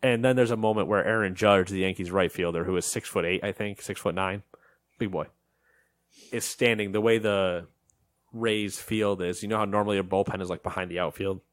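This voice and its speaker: A man with a low voice co-hosts a relaxed podcast chat and tells a story with plenty of animation, slipping into the voices of the people he quotes. The sound is dry and close, with no room echo. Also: brisk. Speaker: podcast co-host. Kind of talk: casual chat.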